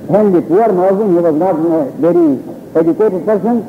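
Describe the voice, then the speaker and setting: A man giving a public religious lecture to an audience, telling a story in a deliberate, paused way. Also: high voice, a little hiss or hum. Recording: tinny, echoey lo-fi hall recording.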